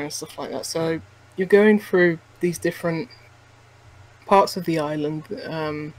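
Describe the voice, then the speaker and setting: Rambling man, higher voice. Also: fairly even intonation, unhurried, low-quality recording. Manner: rambling, many restarts and "like" fillers. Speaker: podcast co-host. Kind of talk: casual chat reviewing a game.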